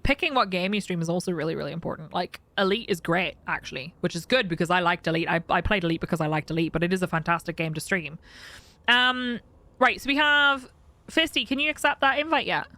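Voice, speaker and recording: A woman's voice: lowish voice, fast talker, sharp tone. A woman streaming a game live, chatting casually and animatedly, often laughing and swearing.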